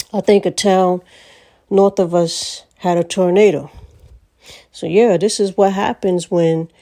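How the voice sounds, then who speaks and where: Blunt, salty woman vlogger, low mellow voice. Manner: blunt, profane, laughs often. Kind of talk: casual storytelling monologue.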